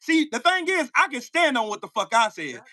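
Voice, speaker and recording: Man, very high voice, bright and sharp, livestream host, heated, profane, taunting, repetitive demands. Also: sing-song, fairly quick, dry recording.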